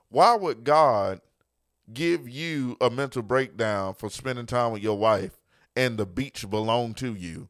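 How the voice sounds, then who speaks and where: A man who is a pastor and podcast host, talking in an emphatic preaching style, repeating phrases for stress and dropping quieter to tell a story. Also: mid-range voice, measured pace, no echo, clean studio sound.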